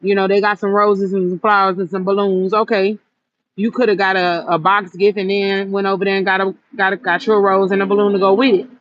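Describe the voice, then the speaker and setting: A woman's voice: medium pitch, flat delivery, brisk, dull audio. A woman vendor livestreaming from an outdoor stall in the cold, chatting casually and retelling a run-in with a customer. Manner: chatty, retells arguments with quoted back-and-forth. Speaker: vendor selling gift baskets on a livestream.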